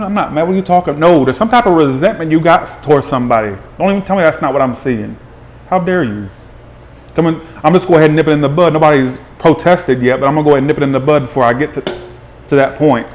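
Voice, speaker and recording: Man reading tarot live, chatty, animated, slightly higher voice. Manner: animated, chatty, greets viewers by name. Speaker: tarot reader.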